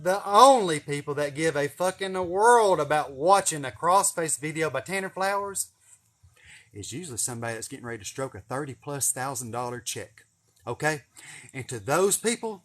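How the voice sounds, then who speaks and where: A man's voice: fairly high pitch, a bit bright. A man talking casually while working in a garden outdoors, swearing a lot, repeating words for emphasis and laughing at his own jokes. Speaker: vlogger and contractor.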